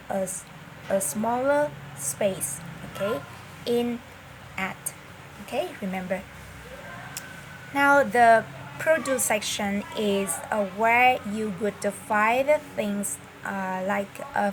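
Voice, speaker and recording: A woman, a native Vietnamese speaker, giving a slow, careful English lesson inside a supermarket, often pausing and repeating herself. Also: a little high. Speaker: English teacher. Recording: audible store background noise.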